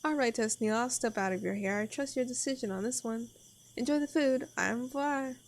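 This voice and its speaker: A woman's voice: fairly high pitch, a little fast, natural voice. A woman reading as a chirpy inn worker. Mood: friendly. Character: cheerful woman innkeeper's helper.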